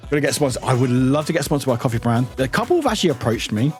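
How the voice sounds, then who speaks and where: A man's voice: medium pitch, lively intonation, racing, soft background music. A young British man casually chatting with his live-stream viewers, greeting them by name and laughing often.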